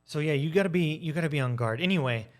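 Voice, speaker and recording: This video essayist talks fast in a fairly high-pitched voice, offering a casual and candid personal monologue. He animatedly plays out arguments using different voices and drops the occasional swear.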